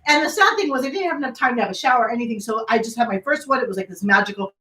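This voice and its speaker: A young adult woman, a talk show guest, telling a story in a lively, chatty way. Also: on the high side, very fast, reverberant, recorded from a distance, low-quality recording. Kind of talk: casual chat.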